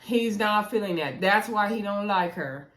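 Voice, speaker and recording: A woman hosting a casual reality show recap, chatty and animated, acting out quotes with playful voices. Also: medium pitch, normal speed.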